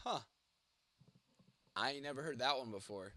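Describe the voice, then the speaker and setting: Streaming from home late at night, this 29-year-old content creator is congested and going hoarse from a cold. He fires back at chat with blunt, heavy swearing in a bright, forceful, mid-range voice at a moderate pace.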